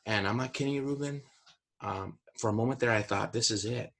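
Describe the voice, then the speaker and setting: A man's voice: medium pitch, a little fast, vocal fry, a bit bright. A man in his forties, a podcast co-host, telling a story in a casual chat and acting out his own past panic in a raised voice.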